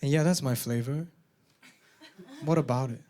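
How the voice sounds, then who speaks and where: A man performing a stand-up comedy set, animated and bursting into shouted punchlines. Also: mid-range voice, normal speed, a little hiss or hum. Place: comedy venue with a live audience.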